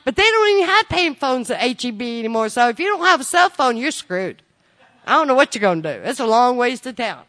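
A woman with a somewhat high voice gives a personal recovery testimony. Her talk is folksy and down-home, full of jokes, with "y'all" and "you know" sprinkled all through. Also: big pitch swings, brisk, fairly bright tone. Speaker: recovering addict sharing her story.

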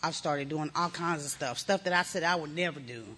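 A middle-aged woman from Texas tells her own story plainly and frankly, slipping into slang as she talks. Her voice is bright and forceful, and her telling is lively. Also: sits low, fairly quick. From Texas, USA. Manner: candid, animated storytelling with slang. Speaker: speaker sharing recovery testimony. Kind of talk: personal testimony.

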